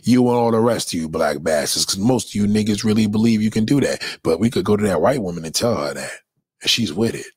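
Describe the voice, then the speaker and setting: A man's voice: on the low side, lively intonation, fast, a little mellow, breathy edge, dry recording, clean studio sound. A man delivering a blunt, profane, opinionated monologue in a lecturing tone.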